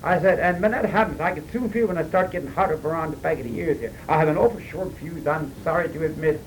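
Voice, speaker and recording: A man's voice: a little high, fast, a little hiss or hum, poor audio. A man from Pennsylvania with a Pennsylvania German accent, telling stories in a casual chat with many restarts and repeated words. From Pennsylvania, USA. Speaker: dialect poet telling stories. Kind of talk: casual storytelling.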